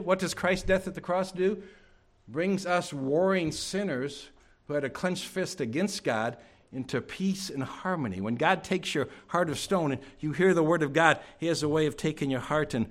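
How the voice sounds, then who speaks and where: A male preacher delivers a sermon in a church, his voice pitched a little higher than most men's. He works the room with rhetorical questions. He swings between loud, pressing lines and sudden quiet ones.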